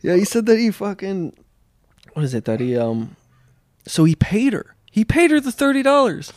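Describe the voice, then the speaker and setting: A man's voice: sits high, sing-song, normal speed, a little mellow, no echo, studio quality. A young man co-hosting a podcast, telling a long rambling story in casual chat, full of swearing and laughing as he goes. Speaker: podcast co-host.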